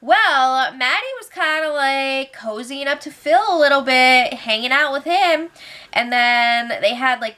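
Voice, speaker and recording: A young woman with a high, pushed, bright voice hosts a casual show recap. She's chatty and sarcastic, laughs a lot, and drops into quick impressions of the people she's describing.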